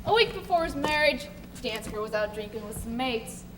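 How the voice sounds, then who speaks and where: A woman's voice: on the high side, animated, moderate pace, natural voice. A woman playing a bitter, rebellious male sailor with coarse, crude talk in a live stage play. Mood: persuasive. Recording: stage recording with faint noise.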